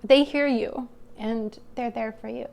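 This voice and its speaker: A woman's voice: a little high, steady tone, takes it slowly, vocal fry, darkish tone, slight background noise. A woman giving a pick-a-card tarot reading to her viewers, talking in a hesitant, searching, heartfelt way. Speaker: tarot reader.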